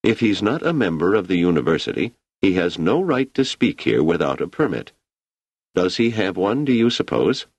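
A man's voice: sits low, big pitch swings, normal speed, slightly rough, no room sound, pitched above the performer's own voice, heavily acted. A man voicing a firm, authoritative middle-aged male professor in a storybook reading, formal and precise. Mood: commanding.

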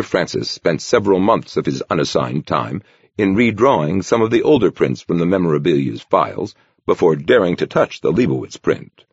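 A man narrating an audiobook in a husky, gravelly, measured storytelling voice. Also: deep voice, big pitch swings, dry recording, highs cut off. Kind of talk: scripted narration.

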